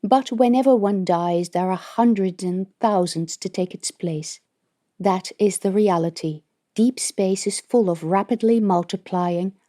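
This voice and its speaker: A woman voicing a stern, secretive female military colonel in an audiobook, speaking in a measured, grave way. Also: fairly low pitch, dark tone, lightly acted.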